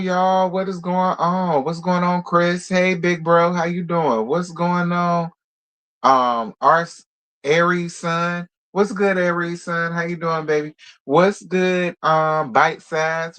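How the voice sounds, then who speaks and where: A man's voice: sits high, fairly bright tone, clear, resonant tone. A man hosting a casual celebrity gossip livestream, sassy and slangy, greeting viewers by name and sounding groggy from a nap. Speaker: celebrity gossip channel host.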